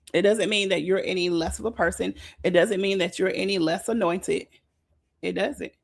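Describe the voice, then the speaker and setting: A woman gives a heartfelt, informal sermon. Her husky, gravelly voice sits at a middle pitch. She repeats phrases for emphasis and keeps a conversational, encouraging tone. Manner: repetitive, emphatic, conversational preaching. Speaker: speaker leading a devotional talk.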